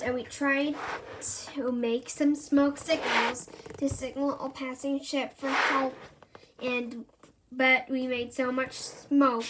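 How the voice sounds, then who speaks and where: High-voiced woman reading a children's story. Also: a little hiss or hum. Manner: voices characters with lively pitch jumps. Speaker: reader. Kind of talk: reading a children's book aloud.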